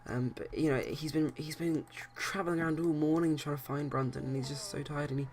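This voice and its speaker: A man's voice: on the high side, steady tone, fairly quick, darkish tone, slight background noise. A man casually narrating his life-sim game let's play, rambling with many hesitations and restarts. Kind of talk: casual game commentary and storytelling.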